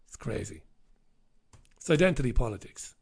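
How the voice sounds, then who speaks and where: A man's voice: mid-range voice, gravelly, a little mellow, husky. A man hosting a casual talk radio show, delivering a sardonic monologue with offhand asides and chuckles.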